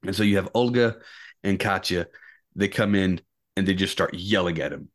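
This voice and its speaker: Podcast co-host, male, lower register, chatty storyteller who slips into voices. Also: moderate pace. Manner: animated storyteller, acts out quotes. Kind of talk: casual movie podcast chat.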